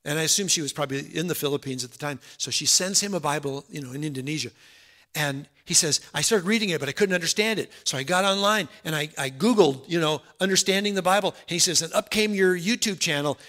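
In an earnest, conversational sermon, a man's voice sits a little high and moves at a quick pace, sinking soft before climbing loud.

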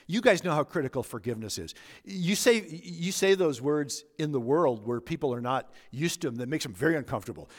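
A middle-aged man preaching a sermon as a pastor, earnest and anecdotal, moving between emphatic points and soft, quiet asides. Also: a little high. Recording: long hall reverb.

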